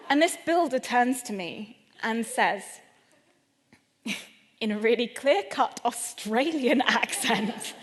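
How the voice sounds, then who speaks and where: A British woman comedian telling a personal story on stage, animated and self-deprecating, often laughing between lines. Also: on the high side, slow pace, long pauses. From Britain. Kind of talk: stand-up storytelling talk. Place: event venue in London. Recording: echoey hall at a live event.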